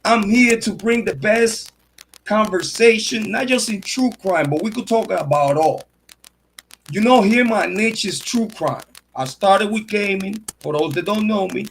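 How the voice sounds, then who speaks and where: Man, high voice, boastful, slangy, casual livestream chat, faint hiss behind. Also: poor audio. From Puerto Rico. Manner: boastful, swaggering street slang. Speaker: true crime and sports commentary host.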